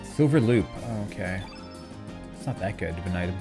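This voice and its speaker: A man streaming a video game in casual, rambling commentary. He often trails off into quiet mumbles. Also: sits low, animated, moderate pace, music in the background.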